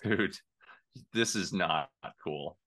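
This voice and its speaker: Bright-toned wry man, podcast banter. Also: deep voice, very slow. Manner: wry, mock-exasperated banter. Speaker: podcast co-host. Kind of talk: casual chat.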